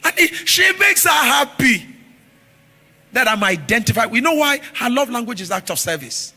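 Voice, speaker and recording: A man preaching a sermon, telling stories with animated shifts from shouts to murmurs. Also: very high voice, moderate pace. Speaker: pastor.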